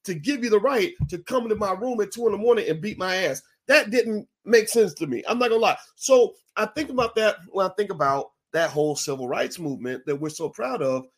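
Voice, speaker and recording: A man talking frankly and bluntly to an audience, jumping from low muttered asides to loud, high exclamations. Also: a little fast, hardly any pauses, husky. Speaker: speaker. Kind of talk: talk to an audience.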